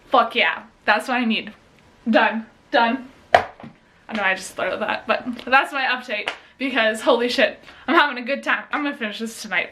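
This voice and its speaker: A young woman with a slightly high voice chats excitedly into a camera in her bedroom for a reading vlog. She gushes, swears freely and laughs at herself, talking in a loose, rambling way. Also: a little hiss or hum. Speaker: book vlogger. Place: home bedroom.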